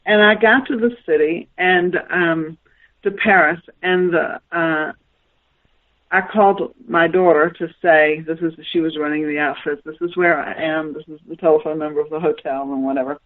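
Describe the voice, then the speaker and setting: A woman's voice: low-pitched, moderate pace. A woman from the American South with a Southern accent, a guest telling a long, rambling personal story in a radio interview. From Southern United States. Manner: rambling, animated storytelling with laughs. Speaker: guest author. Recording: tinny phone line.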